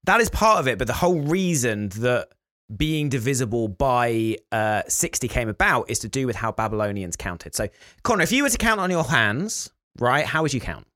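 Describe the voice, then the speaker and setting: A man's voice: mid-range voice, big pitch swings, moderate pace, bright, forceful tone, no room sound, clean studio sound. A man co-hosting a podcast, explaining facts and telling stories in casual chat. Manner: explaining, storytelling. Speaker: podcast co-host.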